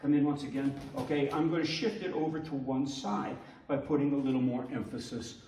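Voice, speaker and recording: A man teaching a martial arts demonstration, explaining slowly and checking in with his listeners. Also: medium pitch, fairly even intonation, warm tone, a little hiss or hum. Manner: measured, explanatory, checks in with "okay?". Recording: roomy echo from far off.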